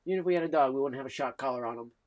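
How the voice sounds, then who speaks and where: A man hosting a casual live stream, cooing affectionate baby talk and soft murmurs. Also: mid-range voice, racing, no echo, highs cut off. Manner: coos affectionate baby talk at a pet cat; soft-spoken, drifting between murmurs and bright calls.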